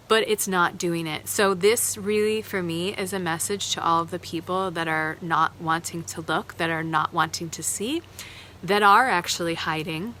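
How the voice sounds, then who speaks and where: A woman's voice: mid-range voice, moderate pace, bright, forceful tone, slight background noise. A woman hosting a live tarot card reading, speaking earnestly and emotionally, thinking aloud with fillers.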